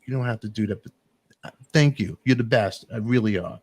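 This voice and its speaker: A man hosting a talk show, telling an emotional story in a rambling, animated way with sudden jumps in pitch. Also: a little fast, slightly rough, dry recording. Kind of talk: emotional casual monologue.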